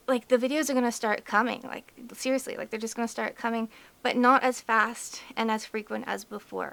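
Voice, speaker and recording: A woman's voice: a little high, gravelly. A woman vlogger giving a candid, emotional personal update, chatty and full of "like" and "you know". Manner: emotional, fighting back tears.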